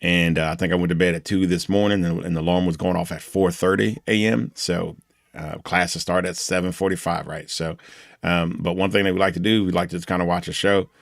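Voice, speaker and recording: A man with a very low, gravelly voice teaches a class over a video call. He talks in a loose, encouraging way and often restarts his sentences. The sound is close and dry. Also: fairly even intonation, a little fast, no room sound. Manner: loose and motivational, with many restarts. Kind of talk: online class lecture.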